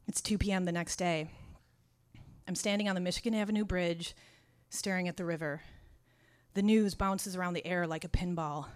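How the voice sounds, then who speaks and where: A woman's voice: lowish voice, moderate pace, smooth. Wry woman telling a story. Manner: wry, deadpan humor turning raw and intense. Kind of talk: first-person spoken storytelling.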